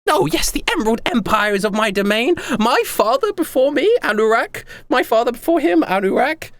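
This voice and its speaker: A giddy squeaky vain young emperor. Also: male voice, animated, brisk, fairly bright tone, dry recording, heavily acted. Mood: flustered. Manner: high giddy gushing, rambling. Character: vain nervous young male emperor, chatty.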